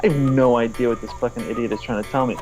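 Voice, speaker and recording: A man co-hosting a casual podcast, reading an email aloud in an exasperated, halting way full of fillers and swearing. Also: mid-range voice, fairly even intonation, darkish tone, faint music behind, poor audio. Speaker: podcast co-host.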